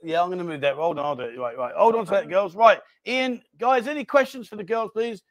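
Guy hosting a bar livestream, high voice, jokey n bossy, says mate a lot. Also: fast talker. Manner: jokey, bossy banter, calls people mate. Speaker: host. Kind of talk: lively live-stream chat. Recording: live stream.

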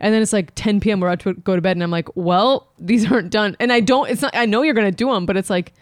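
A woman's voice: medium pitch, racing, no echo, studio quality. A woman co-hosting a podcast in casual comedic chat, playful and teasing. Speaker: podcast co-host. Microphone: podcast mic.

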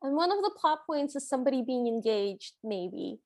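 A woman's voice: high voice, sing-song, moderate pace, darkish tone. A woman co-hosting a podcast, making wry remarks in a casual chat about a movie. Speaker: podcast co-host.

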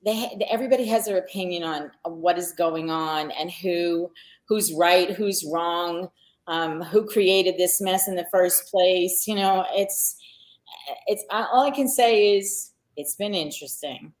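A woman's voice: lowish voice, unhurried. Chatty middle-aged woman telling stories. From Long Island, New York. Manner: chatty storyteller with frequent fillers and restarts. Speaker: podcast guest. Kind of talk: casual conversation.

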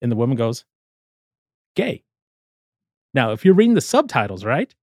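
This man has a mid-range voice and talks at a quick pace, with clean studio audio and no echo. Chatting casually, he recounts a comedy scene, animatedly performing the quoted lines of each character.

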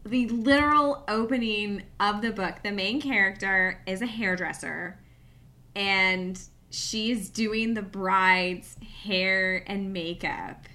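A woman's voice: medium pitch, pushed and bright. A woman co-hosting a book podcast, retelling a story in casual chat with many fillers. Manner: drawn-out, filler-heavy retelling. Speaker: podcast co-host.

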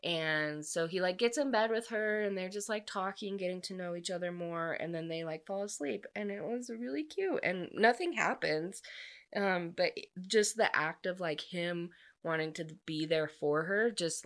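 A woman's voice: lowish voice, a bit bright. A young woman casually retelling a romance novel's plot, chatty and gushing, with frequent filler words. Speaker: book reviewer. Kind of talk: casual book recap.

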